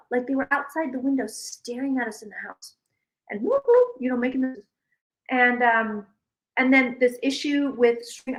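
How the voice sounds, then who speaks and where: A woman hosting a casual livestream, telling a rambling, animated story full of restarts. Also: a little high, poor audio. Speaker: psychic livestream host. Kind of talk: casual chat.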